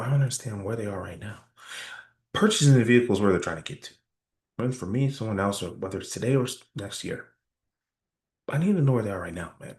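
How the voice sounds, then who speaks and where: Man, sales trainer, low voice, conversational, roomy echo. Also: animated, brisk, a little mellow. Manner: conversational, asks rhetorical "right?" often. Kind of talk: workshop presentation.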